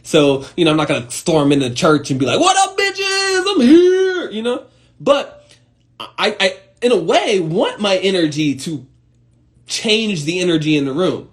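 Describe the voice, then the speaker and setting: A man's voice: on the high side, moderate pace. A man hosting a casual live talk to his viewers, swearing freely and speaking with emphatic, direct energy. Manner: profane, animated, emphatic, talks to viewers directly. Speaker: host of an Instagram live talk. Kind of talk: casual motivational rant. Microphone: phone.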